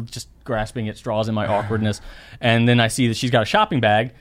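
A man's voice: medium pitch, brisk. A man co-hosting a podcast in casual chat, telling self-deprecating stories and acting out the voices of the people in them. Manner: animated storyteller, acts out quoted voices. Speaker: podcast co-host.

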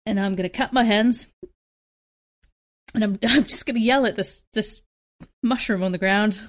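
Young woman player, talks thru her moves, apologizes a lot, mid pitch. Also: moderate pace. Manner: self-deprecating, rambling, apologetic asides. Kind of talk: tabletop role-play, casual chat.

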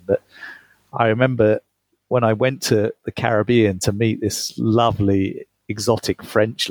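A man's voice: lowish voice, darkish tone, breathy edge, no echo. A man being interviewed about his book, telling chatty travel stories with frequent laughter. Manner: chatty, laughs often, restarts mid-phrase. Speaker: guest, author. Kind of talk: storytelling interview.

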